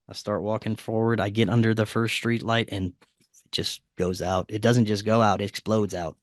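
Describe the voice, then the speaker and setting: A man, a podcast guest, telling a personal story casually, dropping to a quieter voice when he quotes what was said. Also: fairly low pitch, normal speed, no room sound, clean studio sound. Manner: acts out quoted dialogue in a quieter voice; frequent fillers and restarts, animated retelling.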